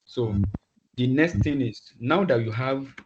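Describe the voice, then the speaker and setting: A man teaching a class online, talking in halting phrases and often repeating words as he thinks aloud. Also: medium pitch, slight background noise. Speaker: instructor. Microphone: video call. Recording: dull lo-fi video call audio.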